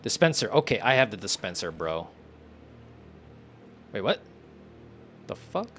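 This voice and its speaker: A man's voice: lowish voice, sing-song, unhurried, a bit bright, slight background noise. A young man casually talking to himself while playing a game, often confused and swearing under his breath. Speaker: gameplay streamer. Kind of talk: casual gameplay commentary.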